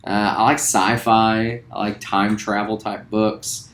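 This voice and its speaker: A man in his forties from West Virginia, a theater teacher introducing himself to students in a relaxed, friendly way with lots of ums. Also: lowish voice, slow. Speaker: high school theater teacher. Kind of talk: recorded self-introduction to students. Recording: roomy echo.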